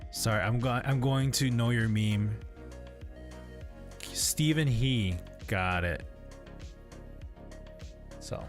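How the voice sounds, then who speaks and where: A man's voice: mid-range voice, slow, long pauses, soft background music. A man hosting a livestream in casual chat, rambling and hesitant with frequent restarts. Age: adult parent. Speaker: livestream host.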